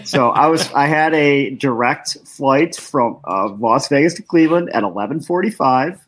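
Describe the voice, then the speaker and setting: A podcast co-host from Ohio telling a story in casual chat, animated and swearing freely. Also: mid-range voice, moderate pace, slightly rough. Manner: animated, swears, acts out quotes.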